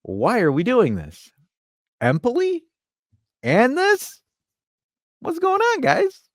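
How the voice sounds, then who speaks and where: A man acting out a fed-up male club owner, incredulous, scolding, questions climbing high, loud and dry. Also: wildly swooping pitch, slow, no room sound, heavily acted. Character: exasperated club owner scolding his executives.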